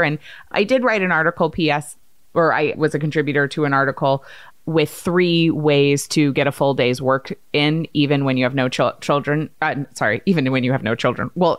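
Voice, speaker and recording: A woman in her thirties hosting a podcast, telling a story in a lively, chatty way and acting out quotes. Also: low-pitched, no echo, clean studio sound. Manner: animated storyteller, acts out quotes. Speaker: podcast host. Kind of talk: casual chat.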